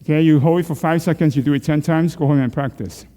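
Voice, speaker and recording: A man's voice: a little high, fast talker, dark tone, long reverb tail. A middle-aged man leading a group through neck exercises. He coaches, asks questions and jokes with the class. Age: middle-aged or older. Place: church hall.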